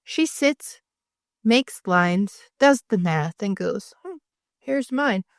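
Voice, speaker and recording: A woman co-hosting a podcast in casual chat, telling stories lively and acting out the people she quotes. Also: medium pitch, slow, no echo, clean studio sound. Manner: animated storyteller, acts out quoted people. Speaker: podcast co-host.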